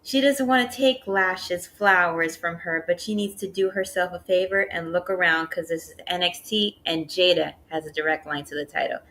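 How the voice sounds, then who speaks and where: A woman co-hosting a casual wrestling review show, recapping segments in a steady, matter-of-fact way. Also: lowish voice, normal speed, few pauses, a little hiss or hum, low-quality recording. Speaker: podcast co-host.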